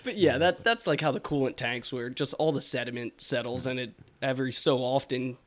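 A man's voice: medium pitch, brisk. A young man from telling rambling stories in a casual chat, laughing often. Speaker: podcast co-host.

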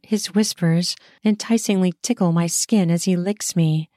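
A woman narrating an audio story in the first person, with a brisk, intimate telling. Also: on the low side, fairly even intonation, mellow, no room sound, clean studio sound.

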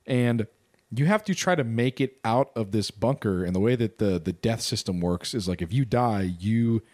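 A young man co-hosts a casual podcast chat and talks with a lively, swinging pitch. He explains things at length and swears freely. His voice sounds dry and close to the mic. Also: normal speed, no room sound. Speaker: podcast co-host.

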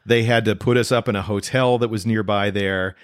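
A man's voice: lowish voice, fairly even intonation, fairly quick, smooth, dry recording, studio quality. A man telling a road-trip mishap story in casual chat with his partner, joking and correcting her as he goes. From not from the South.

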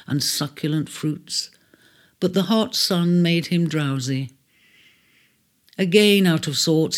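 A storyteller in a gentle, measured reading of a storybook. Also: medium pitch. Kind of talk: storybook narration. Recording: faint music bed under the voice.

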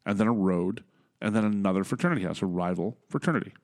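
A lower-voiced man in a casual podcast chat, with a voice that swings up and down a lot as he tells a story. He acts out the sounds in his tale with real animation. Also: animated, quick pace, a little mellow. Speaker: podcast co-host.

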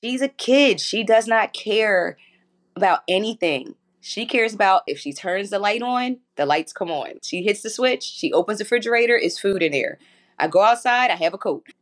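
A woman's voice: mid-range voice, normal speed. A woman in her forties, a guest in a casual interview, telling candid stories with frequent laughter. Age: 40s. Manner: candid and animated storyteller, laughing often. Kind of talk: casual chat.

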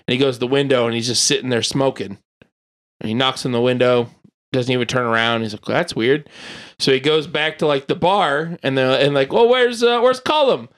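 A man's voice: mid-range voice, fairly even intonation, a little fast, fairly bright tone. Man, casual podcast chat, rambling, swears a lot, recaps a movie. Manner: rambling, lots of filler words and swearing. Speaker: podcast co-host. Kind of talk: casual chat recommending films.

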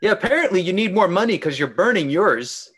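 A wisecracking player in a tabletop horror game delivers dry questions and quips. The voice moves lively up and down in pitch. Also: brisk, breathy edge. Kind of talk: in-character tabletop play.

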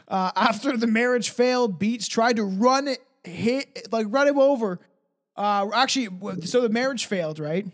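A man's voice: very high voice, normal speed. A man co-hosting a casual true-crime podcast, crude and laughing a lot, not from the United States. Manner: crude, swearing, laughing often. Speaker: podcast co-host.

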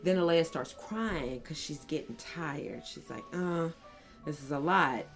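A woman telling funny family stories on a podcast, acting out her toddlers in high little voices. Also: measured pace, faint music behind. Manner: animated storyteller, acts out toddlers in high voices. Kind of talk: casual chat.

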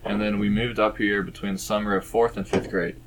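A man's voice: lowish voice, little pitch movement, brisk, noisy background. A young man from eastern Kentucky, a podcast guest, telling stories in a laid-back way, laughing often and swearing freely. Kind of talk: casual storytelling chat.

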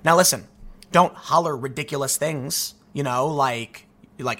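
A young adult man from the United States hosting his own channel, ranting in solo commentary, animated and restless, often restarting his sentences. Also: mid-range voice, normal speed.

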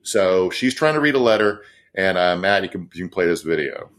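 Low-voiced, expressive and fairly quick, a man co-hosting a podcast riffs on politics with a slightly bright tone. He's sarcastic and profane, and he rambles with lots of fillers.

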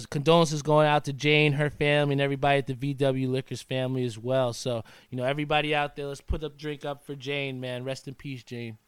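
A man's voice: medium pitch, smooth, no room sound. A man hosting a casual talk show, chatting in a laid-back way and often tacking "man" onto his sentences. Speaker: podcast host. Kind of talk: casual show sign-off with sponsor shout-outs.

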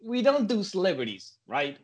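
A man bantering on a comedy podcast in a put-on American accent, playing it mock-serious and exaggerated. His voice is slightly husky and a little higher than most men's, and it swings widely up and down. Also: huge pitch swings, moderate pace, darkish tone. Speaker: podcast co-host.

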